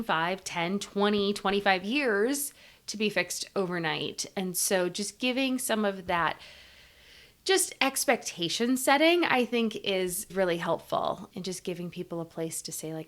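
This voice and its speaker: A woman's voice: medium pitch, a bit bright. A woman hosting a podcast, agreeing and reflecting casually, with fillers like "you know" and "like". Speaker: podcast host.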